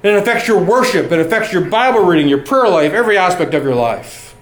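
A man's voice: sits high, lively intonation, quick pace, hardly any pauses. A middle-aged man preaching a sermon, earnest and building to emphatic exhortation. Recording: echoey room.

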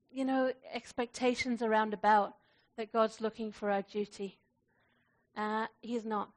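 A woman pastor preaching a sermon in a warm, conversational way, laughing often and slowing down to recite prayer. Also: on the high side.

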